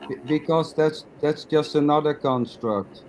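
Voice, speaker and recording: A man's voice: on the high side, a little slow, a crowd in the background, poor audio. A man on a video call guiding a spiritual dialogue, patient and reasoning, often stumbling on his first words. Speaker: nondual teacher.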